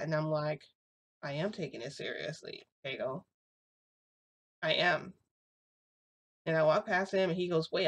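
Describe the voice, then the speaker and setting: A young woman casually telling a story to her viewers, acting out what others said in chatty dialogue. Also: sits low. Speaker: vlogger telling a reality-shifting story.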